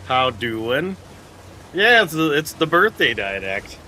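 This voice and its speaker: Young streamer man with a stuffy nose, a bright and lively voice, and joking, loud game reactions. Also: on the high side, slow pace, slight background noise. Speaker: livestreamer. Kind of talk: casual live gameplay commentary.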